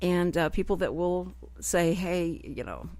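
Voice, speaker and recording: A woman's voice: fairly low pitch, lively intonation, a little slow, darkish tone, dry recording. A woman with a Texas accent hosting a radio talk show, chatting in a rambling, self-deprecating way. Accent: Texan. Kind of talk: casual chat. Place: radio studio.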